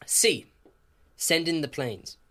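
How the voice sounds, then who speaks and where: A man co-hosting a podcast, telling history casually in a jokey, animated way. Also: on the high side, takes it slowly. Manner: lively, jokey, swears, laughs often. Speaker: podcast co-host.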